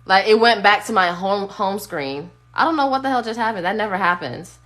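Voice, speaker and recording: A woman's voice: medium pitch, brisk, a bit bright. A woman giving a casual, blunt tarot reading on a phone live stream, sometimes singing bits of songs. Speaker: tarot reader.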